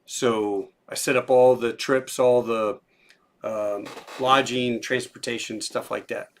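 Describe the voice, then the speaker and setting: A man hosting a podcast, talking casually and pausing to search for words. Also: medium pitch. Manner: relaxed, conversational, searching for words. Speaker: podcast host, military veteran. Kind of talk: casual chat.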